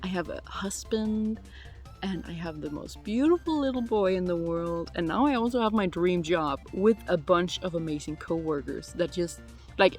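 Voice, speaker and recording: Giggly chatty woman in her twenties. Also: on the low side. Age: 20s. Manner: chatty and giggly, full of "like" fillers. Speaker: vlogger answering viewer questions. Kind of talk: casual chat. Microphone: phone.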